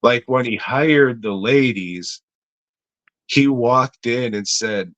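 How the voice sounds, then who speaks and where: A man's voice: medium pitch, slow pace, fairly bright tone, dry recording, lo-fi sound. A man co-hosting a comedy podcast, chatting casually in a rambling, profane way with lots of fillers. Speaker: podcast co-host.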